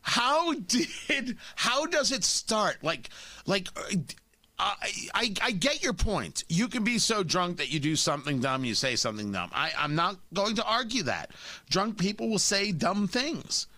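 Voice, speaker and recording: A man's voice: high voice, big pitch swings, unhurried, sharp tone, dry recording. A man hosting a talk radio show, blunt and combative, often stumbling into restarts.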